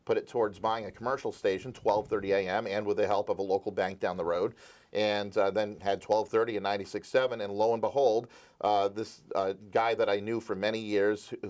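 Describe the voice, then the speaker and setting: A man's voice: on the low side, a little mellow. A man in his forties from Rhode Island, a radio station owner, telling his story eagerly in a casual interview with many restarts.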